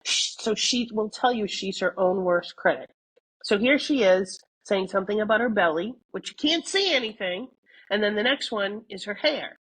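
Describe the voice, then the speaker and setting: A woman's voice: medium pitch, moderate pace, slightly rough, low-quality recording. A middle-aged woman co-hosting a podcast, chatty and storytelling, laughing often and swearing casually. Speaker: podcast co-host. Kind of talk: casual chat.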